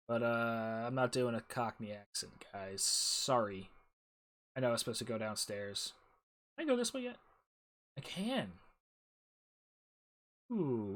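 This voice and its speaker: A man giving casual gameplay commentary with mumbled, unhurried asides. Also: mid-range voice. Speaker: let's play streamer.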